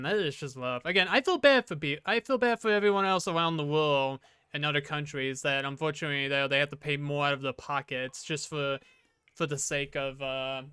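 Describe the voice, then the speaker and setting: A man's voice: fairly high pitch, bright, forceful tone, clear, resonant tone, no room sound. A man streaming a horror game, chatting casually with his viewers in a rambling way. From Detroit, Michigan. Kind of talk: casual gameplay commentary.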